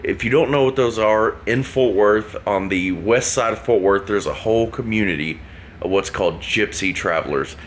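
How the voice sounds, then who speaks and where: A man's voice: on the low side, normal speed, a little hiss or hum. Laid-back man telling a story. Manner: rambling, joking, laughs at himself. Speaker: vlogger. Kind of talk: casual storytelling.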